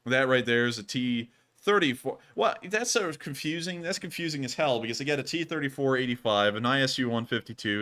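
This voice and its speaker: A man hosting a casual live stream, animated and quick to laugh. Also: medium pitch. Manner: animated, laughs often, says y'all. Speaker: host.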